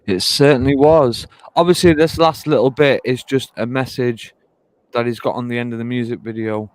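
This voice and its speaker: Easygoing male show host, smooth voice. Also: medium pitch, steady tone, moderate pace. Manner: easygoing and chatty. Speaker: music review show host. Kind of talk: casual chat, reading out a notice.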